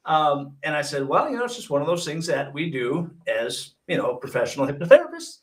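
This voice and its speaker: Michigan guy, high voice, chatty story with dry jokes, sounds kinda far off. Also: fairly quick, hardly any pauses. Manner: animated storyteller, acts out dialogue with wry jokes. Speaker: guest, hypnotist and paramedic. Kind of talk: casual storytelling.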